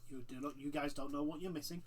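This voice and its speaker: Male co-host, casual gaming chat, a little high-pitched, often trails off mid-sentence. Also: fairly even intonation, fast talker, a little hiss or hum.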